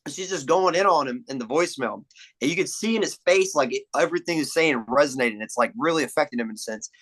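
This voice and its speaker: A man's voice: on the high side, quick pace, low-quality recording. A young man as a podcast guest, chatting casually and retelling movie scenes with lots of swearing. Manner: animated storyteller, acts out quotes, swears a lot. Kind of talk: casual chat.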